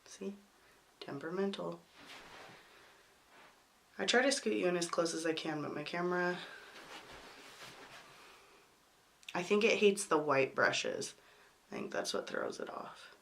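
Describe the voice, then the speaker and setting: Hoarse, sick-sounding woman vlogger. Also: lowish voice, big pitch swings, normal speed, pauses often, fairly bright tone, slight background noise. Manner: apologetic, chatty. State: hoarse from a cold. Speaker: beauty vlogger. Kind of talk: makeup tutorial talk.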